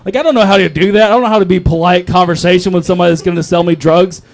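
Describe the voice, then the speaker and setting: A man's voice: high-pitched, steady tone, rapid-fire. A young man doing a crude, rambling open mic stand-up set on a comedy club stage, talking into a handheld mic.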